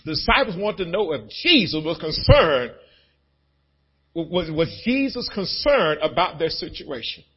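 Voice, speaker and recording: A male pastor preaching a sermon in an animated, dramatic, conversational way. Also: a little high, unhurried, slightly rough, lo-fi sound.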